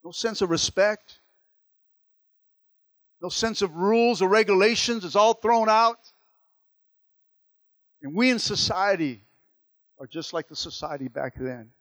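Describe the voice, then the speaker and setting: A man preaching a sermon, moving from quiet, low passages to loud, emphatic repetitions. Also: unhurried, long pauses.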